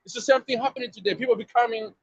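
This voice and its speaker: A man's voice: extremely high pitch, fairly even intonation, racing, breathy edge, no room sound, low-quality recording. A man street preaching outdoors to a passer-by, emphatic and slangy, often repeating himself and asking if you see what he means.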